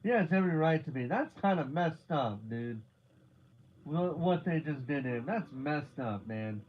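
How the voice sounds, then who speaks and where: A man doing live watch-along commentary, reacting excitably with slangy "dude" and "bro" asides and casual swearing. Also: on the high side, moderate pace, slight background noise. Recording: dull lo-fi stream audio.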